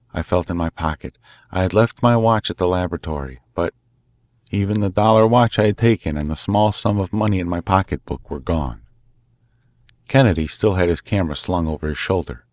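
A man narrating a classic story in a measured, dramatic way. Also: low voice, a little mellow, no echo. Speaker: audiobook narrator. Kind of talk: scripted narration.

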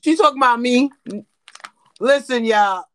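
A woman hosting a live call-in room on a social app, loud and brash, swearing and talking straight to her audience. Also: on the high side, unhurried. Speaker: host of a live app show. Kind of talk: casual live-stream hosting.

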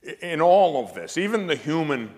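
A man's voice: on the high side, sing-song, normal speed, darkish tone. A man speaking as a priest giving a spiritual lecture, emphatic and anecdotal with dry humor. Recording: long hall reverb.

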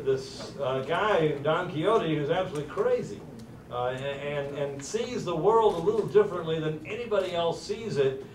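A middle-aged man giving a ceremonial speech as host, telling a story with many "uh" fillers. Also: fairly high pitch. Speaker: university president hosting a ceremony. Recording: roomy, distant from the mic.

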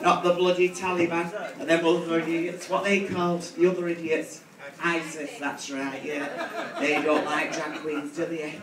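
A man's voice: on the high side, little pitch movement, moderate pace. A man with a Manchester accent performing live drag stand-up, crude and teasing toward the crowd in a big bar. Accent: Mancunian. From Manchester, England. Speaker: drag queen comedian. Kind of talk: live stand-up with audience banter. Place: large bar venue with a live audience. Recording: echoey, distant live room recording with crowd noise.

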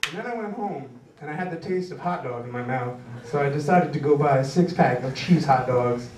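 A man's voice: fairly high pitch, a little fast, crowd noise. A young man doing a rambling, self-deprecating stand-up routine with many stumbling restarts. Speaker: stand-up comedian. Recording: roomy club sound from far off, audience noise.

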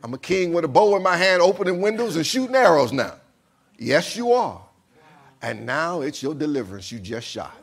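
A man's voice: a little high, big pitch swings, moderate pace, gravelly, breathy edge. A man preaching a sermon as pastor, acting out a king's confused voice and talking back and forth with his congregation.

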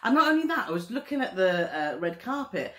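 A woman's voice: medium pitch, sing-song, brisk. A woman co-hosting a travel vlog in casual chat. She talks in a chatty, gushing way and keeps turning to her partner with tag questions. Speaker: travel vlogger co-host. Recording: roomy echo.

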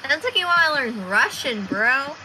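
A woman's voice: sits high, very animated, moderate pace, noisy background. A woman chatting while gaming, throwing dry, teasing jabs. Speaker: gamer. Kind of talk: casual gaming chat.

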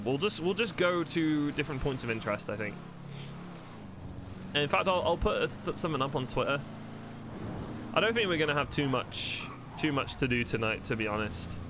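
A man's voice: medium pitch, animated, brisk, noisy background. Chatty man streaming a game. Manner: chatty, self-deprecating, thinking aloud. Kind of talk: casual commentary while playing.

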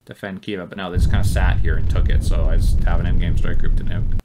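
A man's voice: low-pitched, little pitch movement, fast talker, heavy background noise. A young man commenting on his own strategy game run, thinking aloud and swearing now and then. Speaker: gameplay commentator. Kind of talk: casual gameplay commentary.

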